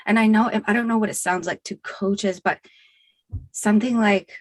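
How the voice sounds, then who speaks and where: A woman guest clinician explaining calmly and gently in a casual panel discussion. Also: mid-range voice, normal speed, dry recording.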